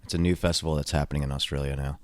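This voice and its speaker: Very deep-voiced laid-back man. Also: steady tone, rapid-fire, darkish tone, dry recording. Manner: laid-back, swears freely, repeats words. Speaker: touring drummer guest. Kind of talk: casual interview chat. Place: hotel room.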